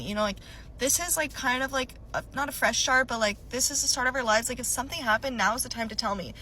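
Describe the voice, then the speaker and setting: A young woman casually recounting a personal story for a storytime vlog, animated and chatty with many filler "likes". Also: fairly high pitch, quick pace, a little hiss or hum, low-quality recording.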